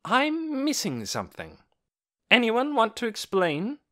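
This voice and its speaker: A man reading aloud and voicing a middle-aged village woman who is puzzled and stern, in a raised falsetto with a fussy, questioning manner. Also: wildly swooping pitch, unhurried, pushed and bright, exaggerated voice.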